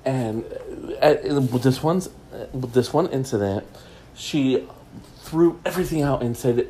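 A man's voice: medium pitch, a little slow, dark tone, a little hiss or hum, poor audio. A man hosting a casual solo gossip show from home, chatty and rambling with a self-mocking streak. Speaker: gossip podcast host.

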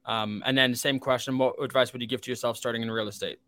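Male host, bright tone, mid pitch, dry sound, eager, chatty. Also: fairly even intonation, fast talker, no room sound. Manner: eager, interjecting with agreement. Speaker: podcast host. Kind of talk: casual interview talk.

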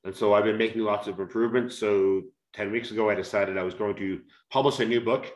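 A man with a lowish voice speaks slowly and enunciates each word with care. He talks as an author being interviewed and reads passages from his book. The room around him rings with a noticeable echo. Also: steady tone. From United States. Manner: slow, carefully enunciated delivery to be easily understood. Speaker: author and guest. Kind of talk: conversational interview, reading aloud from his book.

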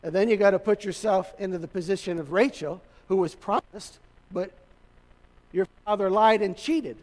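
High-voiced pastor preaching in a hall. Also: male voice, normal speed, a little mellow. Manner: conversational storytelling with humor. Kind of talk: sermon. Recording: reverberant hall.

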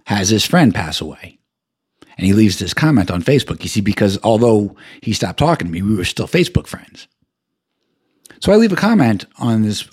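A husky, fairly low-voiced man delivers a furious rant about a friend, his pitch leaping around wildly. He curses constantly, stumbles over words and repeats himself, going from near shouts to low grumbles. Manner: swings from loud outbursts to low mutters. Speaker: podcast host. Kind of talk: angry personal rant.

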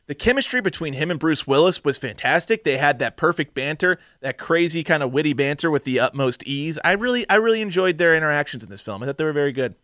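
A man co-hosting a casual movie review chat, opinionated and swearing freely, acting out characters in quick bits. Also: a little high, lively intonation, a bit bright, no echo, clean studio sound. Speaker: podcast co-host.

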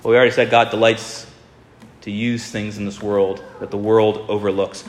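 A man preaching a sermon in a storytelling manner, speeding up and slowing right down for emphasis. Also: fairly low pitch, flat delivery, a little hiss or hum. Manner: storytelling, shifting between fast and drawn-out. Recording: echoey hall with long reverb.

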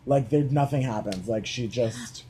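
A podcast co-host rambles through casual chat, leaning heavily on "like" as a filler and swearing freely. His medium-pitched voice has a measured pace and a dark tone, with a little hiss or hum in the recording.

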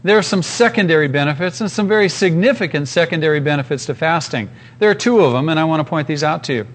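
A man's voice: a little high, animated, fast. A man preaching a sermon as pastor, in an earnest, emphatic way with repeated phrases.

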